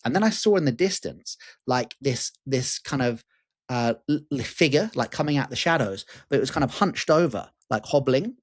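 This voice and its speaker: A man in his forties, a guest teacher, telling a personal story in an animated, candid way with casual swearing and fillers. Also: medium pitch, normal speed. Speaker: guest, lucid dreaming teacher.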